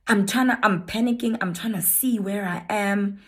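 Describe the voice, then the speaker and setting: A woman's voice: mid-range voice, moderate pace. A South African woman telling her own story to viewers in a chatty, candid vlog, rambling a little and slipping into Setswana.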